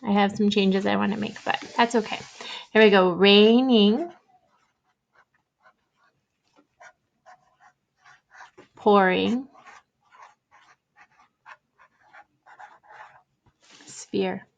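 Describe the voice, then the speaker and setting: A young woman teaches a writing lesson to small children, thinking aloud as she works. Her tone is gentle and encouraging, and her voice sits at an ordinary middle pitch. The recording sounds a little dull and muffled. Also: level tone, brisk, gravelly.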